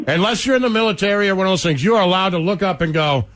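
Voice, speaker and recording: A man's voice: sits high, animated, very fast, a bit bright. A man co-hosting a casual sports radio show, making sarcastic points.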